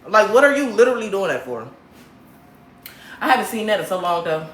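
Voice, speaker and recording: A woman from Michigan hosting a casual livestream, talking to her viewers in a blunt, profane, animated way. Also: medium pitch, a little fast. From Grand Rapids, Michigan, USA. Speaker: livestream host. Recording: roomy echo, faint background ambience.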